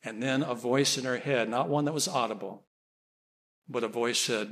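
A man's voice: medium pitch, normal speed, a bit bright. A middle-aged man preaching a sermon, telling a dream story and pleading earnestly with his listeners. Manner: earnest, rising to pleading emphasis.

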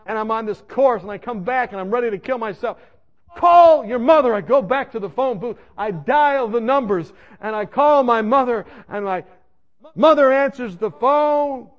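A man gives his personal testimony from the pulpit, telling his story emphatically and addressing his listeners directly. His voice sits high and moves a little fast with hardly any pauses, and the recording's highs are cut off.

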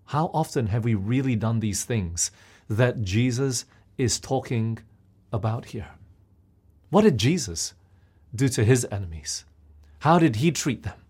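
A man's voice: medium pitch, animated, unhurried, pauses often, darkish tone, husky. A man preaching a sermon, often putting questions to his listeners.

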